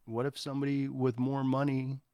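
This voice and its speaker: Casting: forties man, clear smooth voice, dry close mic, earnest advisor who restarts a lot. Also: medium pitch, little pitch movement, fairly quick, no room sound, dull audio. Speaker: interview guest, entrepreneur. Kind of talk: casual interview talk.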